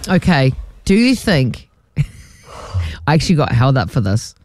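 A woman's voice: a bass voice, very animated, measured pace, darkish tone, no room sound, clean studio sound, soft background music. A woman co-hosting breakfast radio, chatty and self-deprecating. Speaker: radio host. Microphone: studio mic.

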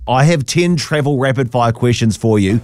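A man co-hosting breakfast radio, teasing a colleague with quick quiz questions and laughing often. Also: medium pitch, animated, darkish tone, no echo, clean studio sound. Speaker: radio co-host.

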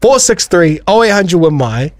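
A man's voice: high-pitched, big pitch swings, moderate pace. A young man hosting casual radio banter, rambling and laughing with restarts. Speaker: radio host.

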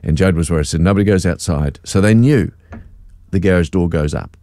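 A man's voice: low-pitched, fairly quick, no room sound. A middle-aged man, co-hosting breakfast radio and telling a story with plenty of laughs. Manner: animated storyteller, laughs often. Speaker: radio show co-host. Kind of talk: casual breakfast radio chat.

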